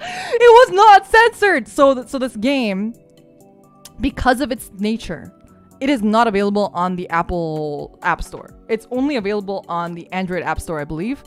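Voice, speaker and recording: A young woman streamer chatting casually, telling stories in an animated way and sometimes breaking into shrieks and laughter. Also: mid-range voice, normal speed, faint music behind.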